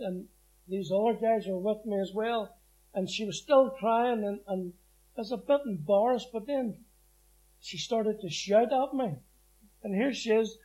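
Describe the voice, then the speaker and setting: A man's voice: sits high, darkish tone, low-quality recording. A middle-aged man giving a plain-spoken personal testimony, acting out the voices in his story. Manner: plain-spoken, vivid, acts out quotes. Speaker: former prisoner giving testimony.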